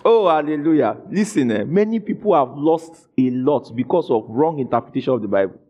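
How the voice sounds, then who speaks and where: A man preaching a sermon, asking his congregation questions and rising into shouted emphasis. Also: medium pitch, animated, a little fast. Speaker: pastor.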